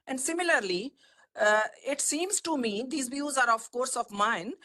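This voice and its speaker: A woman with an Indian English accent giving a formal webinar presentation over a video call, listing points in a measured way with frequent fillers. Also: high voice, expressive, bright, forceful tone, slight background noise, low-quality recording. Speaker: webinar speaker, economist.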